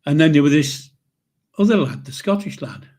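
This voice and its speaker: A man, telling old memories in a rambling, halting way with chuckles. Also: on the high side, lively intonation, darkish tone. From England. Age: 70s. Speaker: channel host, grandfather. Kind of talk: casual spoken memoir storytelling.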